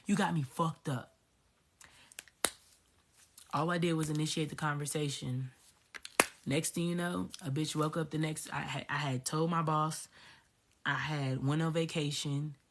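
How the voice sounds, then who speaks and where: Woman, low husky voice, blunt and profane, personal vlog storytelling. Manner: emphatic, profane, repeats herself. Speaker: spiritual coach.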